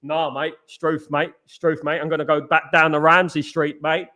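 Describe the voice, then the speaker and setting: A man's voice: a little high, little pitch movement, normal speed, pushed and bright, voice pushed down. A man putting on a mock Australian accent, playing a laid-back male football manager who ends every sentence with "mate". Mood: boastful drawl. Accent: put-on Australian.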